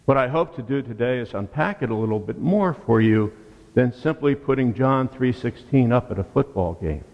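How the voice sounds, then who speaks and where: A man preaching a sermon as pastor, deliberate and emphatic, with rhetorical questions and repeated words. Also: mid-range voice, lively intonation, creaky, lo-fi sound. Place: church sanctuary. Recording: long church reverb.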